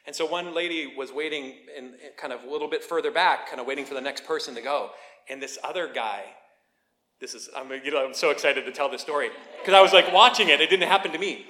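A man preaching a sermon, telling a lively story with playful asides and then teaching in a quieter, earnest way. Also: on the high side, quick pace. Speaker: pastor.

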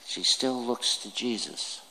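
A man preaching a sermon, slow and deliberate, putting questions to his listeners. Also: mid-range voice, creaky, sharp tone, a little hiss or hum. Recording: long hall reverb.

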